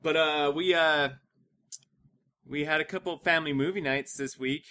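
Co-host parent, a woman with a very deep voice, easy chat, quick agreeing interjections. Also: steady tone, sharp tone. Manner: chimes in with short agreeing remarks. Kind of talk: casual chat.

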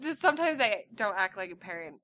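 A woman and mother chatting casually as co-host, telling animated stories loudly. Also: mid-range voice, a little fast. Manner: loud, animated storyteller. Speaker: parent and co-host. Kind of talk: casual chat.

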